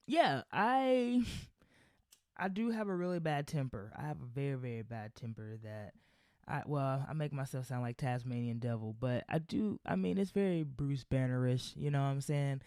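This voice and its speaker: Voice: mid-range voice, very animated, moderate pace, darkish tone, smooth, no room sound, clean studio sound. A podcast host giving solo commentary in a heated, profane, rambling rant. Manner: loose, rambling with restarts.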